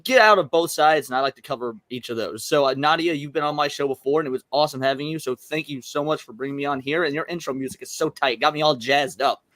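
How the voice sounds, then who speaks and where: A man guest in a casual chat, talking quickly and tripping over repeated words. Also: on the high side, fairly bright tone, no echo. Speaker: guest, video channel host. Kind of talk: casual talk-show chat.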